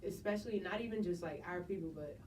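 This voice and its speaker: A young woman from New Jersey, guest artist in a casual interview, laid-back and quick to laugh, saying "like" a lot. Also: fairly low pitch, darkish tone. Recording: distant mic with faint noise.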